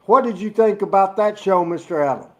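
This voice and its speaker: A middle-aged man from Arkansas co-hosting a wrestling talk show, joking and excitable as he plugs an upcoming event. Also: high voice, fairly quick. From Jonesboro, Arkansas. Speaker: co-host.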